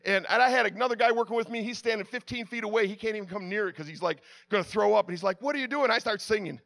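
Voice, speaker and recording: A man preaching, telling a lively personal story with sound effects and frequent restarts. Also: sits high, very fast, gravelly. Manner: drops to a hushed, prayerful tone at the close.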